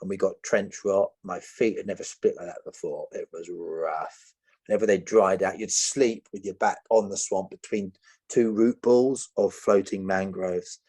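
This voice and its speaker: Lively man with a low voice. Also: moderate pace, husky. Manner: lively, acting out voices, laughing. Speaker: guest. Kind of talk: storytelling in a podcast interview.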